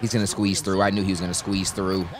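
A young man giving live commentary on his own basketball video game, talking to his teammates and shouting at big plays. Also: deep voice, level tone, fast talker. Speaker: gaming YouTuber.

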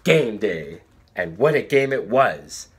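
A man reading a children's book aloud with animated, dramatic pacing. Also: fairly low pitch, slow pace, breathy edge. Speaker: storybook reader.

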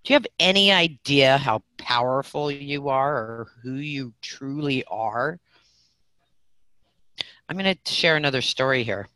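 Woman, middle-aged, spiritual teacher, animated storytelling, dry sound. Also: very deep voice, a little slow, dry recording. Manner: animated storytelling, swings loud and soft. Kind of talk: live online class talk.

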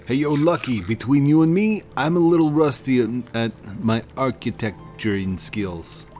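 A man's voice: mid-range voice, animated, normal speed, darkish tone, faint music behind, pitched above the performer's own voice, natural voice. A man voicing a brash male puzzle-building game character with a put-on Boston accent and streetwise banter. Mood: cocky.

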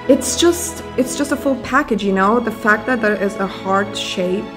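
A woman's voice: mid-range voice, fairly bright tone. A young woman hosting a comedic vlog, rambling, sarcastic and casually profane. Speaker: vlogger.

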